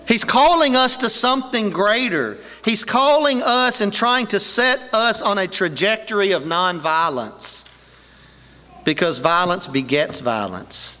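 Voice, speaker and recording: An older male preacher with a high, ringing voice delivers an emphatic sermon, his voice swelling as he drives his points home. His words carry a long reverb from the church hall around him. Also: lively intonation, a little slow, bright, forceful tone. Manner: emphatic preaching, rising and intensifying on key points. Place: church sanctuary.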